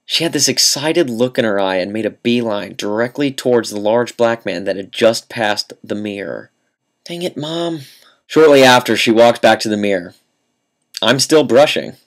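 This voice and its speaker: A young man telling a comic story to camera, deadpan and mock-earnest, with dramatic pauses. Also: mid-range voice. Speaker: vlogger.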